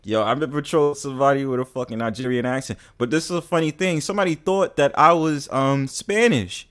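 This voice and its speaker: Guy hosting a stream panel, mid-pitched voice, loose and sweary. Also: fast talker, smooth. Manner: animated, profane, laughing. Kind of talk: casual livestream chat.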